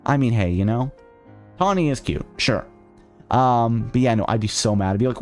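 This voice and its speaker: Over soft background music, this male VTuber talks at normal speed in an expressive mid-range voice. He streams a game in casual let's-play style, cracking jokes, ranting sarcastically, and reading the on-screen text out loud.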